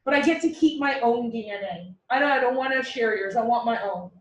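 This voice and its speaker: Woman playing a boastful tiny male cell, high voice, echoey room heard from afar. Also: a little fast, far from the mic, lightly acted. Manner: boastful, offering a deal. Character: tiny cocky male prokaryote cell, eager.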